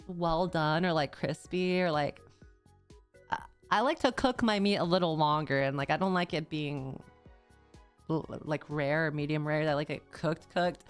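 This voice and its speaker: Young female streamer, casual rambling chat; low-ish, smooth tone over faint music. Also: normal speed. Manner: rambling, casual slang, frequent "like". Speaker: VTuber streamer.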